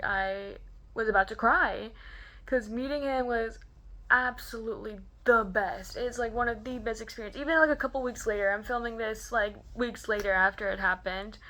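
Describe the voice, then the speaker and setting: Bright-voiced, gushing young woman vlogger. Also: a little high. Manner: gushing, excitable, lots of "like" fillers. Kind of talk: casual storytelling to camera.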